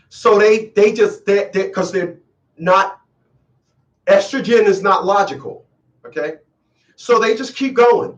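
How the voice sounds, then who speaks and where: A man's voice: high voice, measured pace, pauses often, dull audio. Man, call-in host, preachy commentary, repeats himself, far from the mic. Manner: emphatic, repeats lines for effect.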